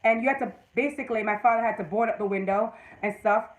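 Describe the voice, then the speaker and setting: A woman's voice: fairly high pitch, quick pace, low-quality recording. Woman, Jamaican accent, livestream host, rambling emphatic storytelling, casual chat.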